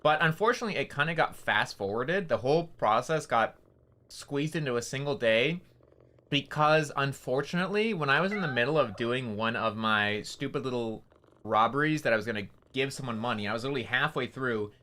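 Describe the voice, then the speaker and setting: A man's voice: mid-range voice, brisk, sharp tone. A man casually recounting a game story on his stream, rambling and swearing with lots of fillers.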